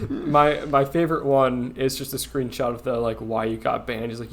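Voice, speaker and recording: Man, podcast co-host, rambling, lots of fillers, giggly, mid pitch. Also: flat delivery, normal speed, slight background noise. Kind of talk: casual chat.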